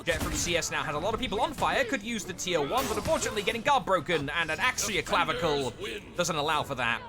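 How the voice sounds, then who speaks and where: Brief: male esports caster, high and very animated voice, game music underneath. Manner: lively, animated play-by-play with quick asides. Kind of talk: play-by-play commentary.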